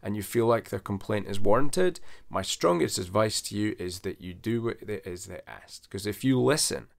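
Gravelly low-voiced vet giving advice. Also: male voice, expressive, normal speed. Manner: conversational, earnest, coaching listeners step by step. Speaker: veterinarian. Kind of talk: advice vlog to camera.

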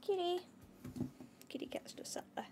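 A woman's voice: normal speed, whispered. A woman streaming a game from home, chatting to viewers and her cat and crying out at the action. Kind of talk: live gameplay commentary. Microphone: desk microphone.

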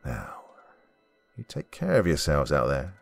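A man narrating a horror story in an expressive, scripted storytelling way. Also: extremely low pitch, measured pace, gravelly, no room sound. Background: faint background music.

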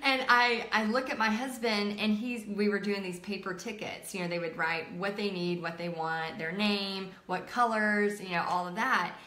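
Thirties woman hosting a live art stream, tells stories in a bright, chatty way, recorded in an echoey room. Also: mid-range voice, fairly even intonation, moderate pace, few pauses. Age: 30s. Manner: chatty, filler-heavy, emotional retelling. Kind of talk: casual live-stream storytelling.

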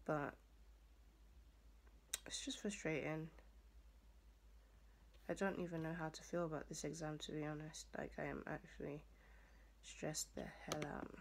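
A young woman, a student, talking casually to the camera in a rambling vlog, with lots of fillers and a rough, hoarse voice. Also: sits low, little pitch movement, a little fast. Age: young adult. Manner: chatty, rambling with many fillers. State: hoarse morning voice. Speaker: student vlogger.

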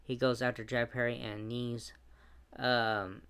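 Male wrestling reviewer, even-toned, smooth voice, recaps with asides. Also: medium pitch. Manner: play-by-play recap with fillers and quick asides.

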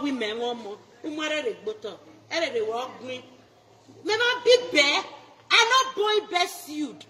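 High, bright-voiced Nigerian woman ranting. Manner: loud, mocking, laughs between taunts. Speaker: social media personality. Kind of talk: taunting social media rant.

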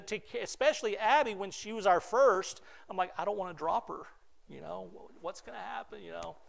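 A middle-aged man preaching a sermon as pastor, earnest, often repeating words and dropping softly before building again. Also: high-pitched, gravelly. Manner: earnest, repeats words, drops to soft near-whispers then rises.

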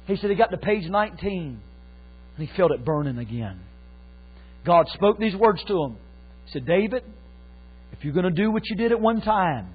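High-voiced preaching man, tinny sound. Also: lively intonation, a little fast, pauses often, slightly rough. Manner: impassioned preaching with sudden loud exclamations. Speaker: pastor. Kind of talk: sermon. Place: church. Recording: tinny phone-like sound with faint mains hum.

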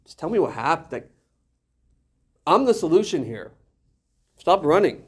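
A man voicing God as a patient questioner, gently coaxing a confession during a sermon. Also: fairly high pitch, very animated, a little slow, slightly rough, voice pushed up, heavily acted.

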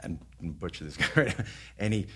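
A man in his fifties sits at a podcast mic and spins long, meandering stories about his work as a trainer. His voice sits slightly low, and he swears freely and laughs through his own tales. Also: expressive, fast talker, fairly bright tone, breathy edge. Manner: rambling anecdotes, profane, laughs while talking. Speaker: guest, celebrity trainer. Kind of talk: casual podcast storytelling.

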